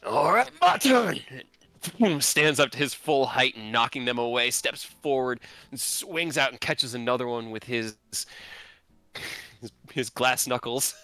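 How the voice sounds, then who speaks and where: A man narrating a tabletop game as game master, animated and laughing often. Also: mid-range voice, a little slow, smooth, dry recording.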